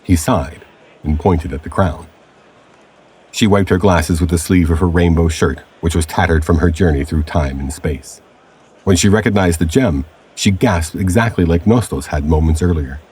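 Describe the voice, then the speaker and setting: In a very low, husky voice, a man reads a scripted time-travel story in a steady, measured manner, like a storybook being read aloud.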